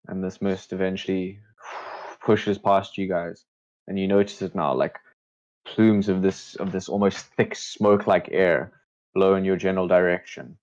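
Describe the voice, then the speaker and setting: Deep voiced guy running a tabletop game, slow hushed narration, kinda muffled lo-fi sound. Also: steady tone. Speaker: game master.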